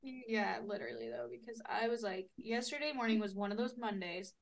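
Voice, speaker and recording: A young woman co-hosting a loose, casual podcast. Her voice sits a little high, and she tells her stories in an animated way. She swears freely and laughs often. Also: a little fast. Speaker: podcast co-host. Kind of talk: casual chat.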